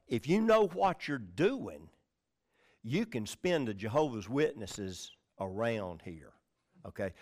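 A male pastor teaching from the Bible in a conversational sermon, reading scripture with stress on key words and often checking in with the listeners. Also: medium pitch. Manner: conversational, checks in with "all right?" and "okay?".

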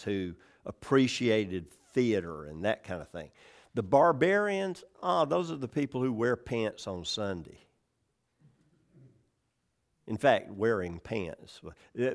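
A man preaching a conversational verse-by-verse sermon, asking his listeners questions and adding folksy jokes. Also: on the low side. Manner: conversational, checks in with the congregation, asks questions; folksy humor. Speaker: pastor. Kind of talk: sermon, verse-by-verse Bible teaching.

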